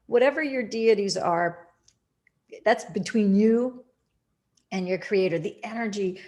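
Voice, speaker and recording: A woman meditation teacher guiding a meditation and speaking about spirituality, with slow, soothing, drawn-out phrasing and earnest emphasis. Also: medium pitch, darkish tone. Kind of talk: guided meditation and spiritual talk.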